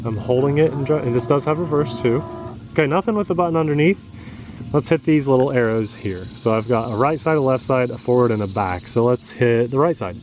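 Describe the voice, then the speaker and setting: A man's voice: mid-range voice, a little fast, background noise. A man hosting an RC hobby channel, chatting casually and joking while testing a boat by a pond outdoors. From rural United States. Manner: easygoing, chatty, jokey. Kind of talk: casual outdoor review chat.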